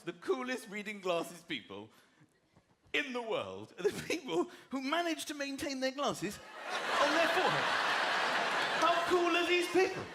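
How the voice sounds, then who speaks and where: A man with a southern English accent performing a stand-up comedy routine, animated and slipping into quick voices for the people he describes. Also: extremely high pitch, very noisy. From southern England. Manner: animated, acts out characters in quick put-on voices. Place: large live comedy venue. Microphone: stage microphone. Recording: live stage mic in an echoey venue with a roaring crowd.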